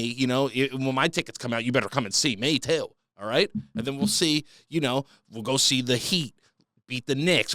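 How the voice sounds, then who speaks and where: A man's voice: mid-range voice, a bit bright, clear, resonant tone, dry recording. A man hosting a comedic solo podcast, ranting in a profane, mock-outraged way. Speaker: podcast host.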